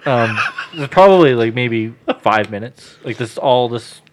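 A man sits at a podcast mic telling a long personal story, his pitch right in the ordinary middle. He swears freely and slips into the voices of the people he is quoting. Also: a little slow, noisy background. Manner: animated, swears freely, acts out dialogue.

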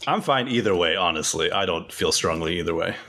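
Canadian man, very deep voice, wry podcast co-host. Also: lively intonation, fairly quick, sharp tone, a little hiss or hum. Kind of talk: casual podcast chat.

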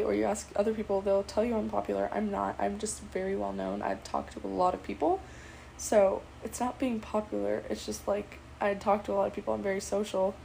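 Bubbly teen girl with a gravelly edge. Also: medium pitch, warm tone, a little hiss or hum, poor audio. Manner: chatty, bubbly, full of fillers and quoted dialogue. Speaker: student telling a personal story. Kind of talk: casual storytelling to camera.

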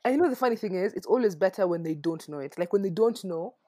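A young woman rattles through stories in a husky, slightly breathy voice, her pitch bouncing all over as she chats. The sound is close and dry, with no room around it. She co-hosts a casual podcast and talks fast and animated. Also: no room sound. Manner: fast talker, animated storytelling. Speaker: podcast co-host. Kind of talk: casual chat.

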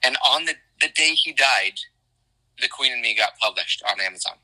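A man from Canada, an author of children's books, chatting casually and excitedly, full of fillers and restarts. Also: medium pitch, moderate pace, poor audio. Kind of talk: casual conversation.

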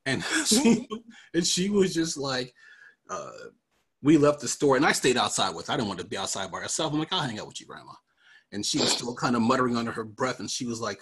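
A man's voice: mid-range voice, animated, a little fast, a bit bright, husky. A man from New York hosting a casual political commentary podcast, joking and laughing often with rambling asides. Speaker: podcast host.

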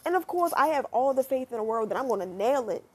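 A young American woman talking casually to her viewers, chatty and animated, swearing freely as she muses. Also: high-pitched, fast, husky. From United States. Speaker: vlogger. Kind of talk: casual monologue to camera.

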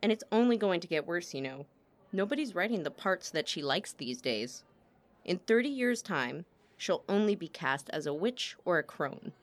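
A woman's voice: on the low side, big pitch swings, moderate pace. A woman reading as a gossipy old opera manager, all false innocence and sly digs, his voice swooping up and down. He savors every insinuation as a storybook rival.

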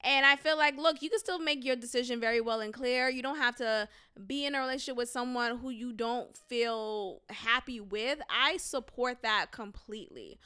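A woman hosting a solo commentary podcast, talking in an animated, sassy way with mocking rhetorical questions and frequent laughter. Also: on the high side, clean tone. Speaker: podcast host.

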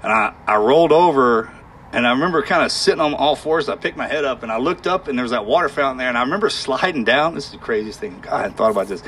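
A man telling a harrowing war story in conversation, halting and emotional, with sighs and restarts. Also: mid-range voice, animated, fairly bright tone, a little hiss or hum.

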